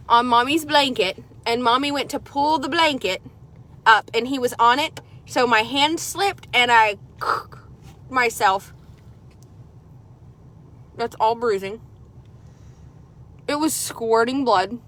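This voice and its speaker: A woman vlogger chatting casually from her car, telling a story in an animated way and swearing often. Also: sits high. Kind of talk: casual chat. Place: car while driving. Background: vehicle noise.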